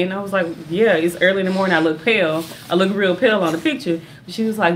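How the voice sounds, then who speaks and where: A young woman chats animatedly through a personal story, laughing often and rushing in quick bursts. Her voice sits at an ordinary middle pitch. Clear background noise runs under the recording. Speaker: vlogger, mother. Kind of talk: casual storytime chat.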